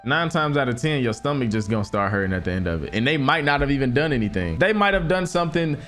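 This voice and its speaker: A man's voice: medium pitch, animated, fast, fairly bright tone, soft background music. A young man streaming, reacting to stories in emphatic, slangy casual talk aimed at his chat.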